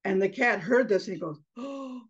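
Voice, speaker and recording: A woman telling a children's story in an expressive oral storytelling style, slipping in Spanish phrases. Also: medium pitch, quick pace, husky. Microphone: video call. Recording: slightly muffled online video call.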